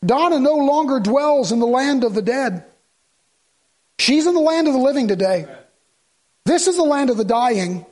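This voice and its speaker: A man's voice: extremely high pitch, animated, moderate pace, pauses often. An older man preaching a funeral sermon, reading scripture aloud and repeating phrases fervently for emphasis. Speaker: pastor.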